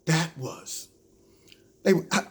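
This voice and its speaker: A man hosting his own show, giving ranting political commentary in an animated, mocking way and talking to listeners as "y'all". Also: drawn-out words. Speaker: show host.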